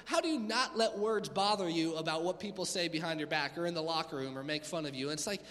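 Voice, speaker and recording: A man preaching an energetic, conversational youth sermon in a church hall, acting out little voices. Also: fairly high pitch, fast. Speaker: youth pastor. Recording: long hall reverb.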